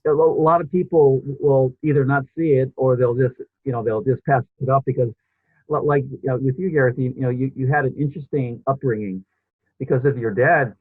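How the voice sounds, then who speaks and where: A man's voice: medium pitch, fairly even intonation, fairly quick, dry recording. A male podcast host in casual interview chat, rambling with many restarts and fillers. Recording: husky voice over a tinny phone-like line.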